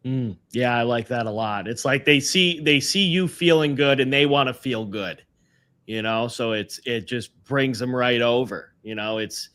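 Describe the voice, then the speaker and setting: A man's voice: medium pitch, normal speed, fairly bright tone. A man co-hosting a podcast in casual chat, agreeable and easygoing, dropping many fillers. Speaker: podcast co-host.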